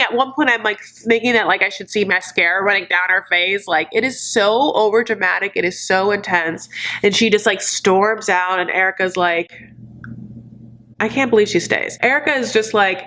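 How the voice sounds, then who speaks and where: A woman's voice: medium pitch, moderate pace, fairly bright tone, rough recording. A woman hosting a reality TV recap in a campy, sassy commentary style, calling people "honey" and acting out the people she quotes. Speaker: recap show host.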